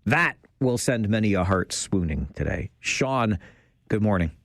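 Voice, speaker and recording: A man's voice: lowish voice, lively intonation, measured pace, no room sound. A man with a Canadian accent hosting a call-in radio show, bantering and teasing his callers. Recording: dry studio.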